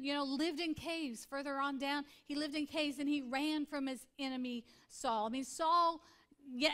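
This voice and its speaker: A woman's voice: high-pitched, a bit bright. A woman pastor in her forties preaching a sermon in an earnest, conversational way, repeating points for emphasis.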